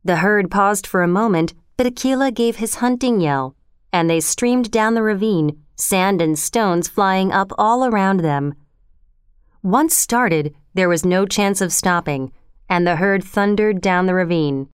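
A woman narrating a children's adventure story in a steady, expressive way. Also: mid-range voice, a little slow, clean tone, no room sound, clean studio sound. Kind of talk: scripted narration.

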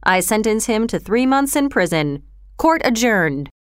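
A woman's voice: a little high, big pitch swings, unhurried, smooth, dry recording, clean studio sound. A woman voicing a stern, scornful older male magistrate who talks in a curt, dismissive way in a storybook reading.

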